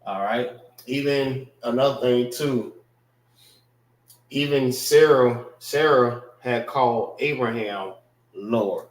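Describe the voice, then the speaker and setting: Male class teacher, slow and unhurried, roomy echoey sound. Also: medium pitch. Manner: slow, repetitive, checks in with listeners. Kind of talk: casual vocabulary lesson.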